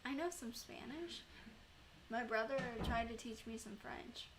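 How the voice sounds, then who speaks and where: A woman's voice: fairly high pitch, a little slow, background noise. A young woman chatting casually with viewers on her live stream, rambling with lots of fillers.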